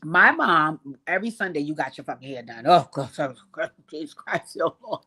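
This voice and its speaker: A woman in her thirties hosting a live chat stream, spinning long profane stories for her viewers. Her voice sits a little low, with animated asides. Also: moderate pace, hardly any pauses, slight background noise. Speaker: host. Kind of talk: casual live-stream commentary.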